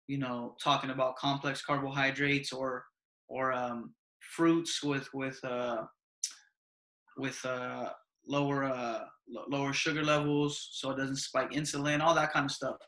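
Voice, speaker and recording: A man's voice: mid-range voice, flat delivery, moderate pace, pushed and bright, reverberant. A young man in casual podcast chat, telling stories with lots of slang and frequent laughs. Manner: laid-back slang-heavy storytelling, laughs often. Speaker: podcast host.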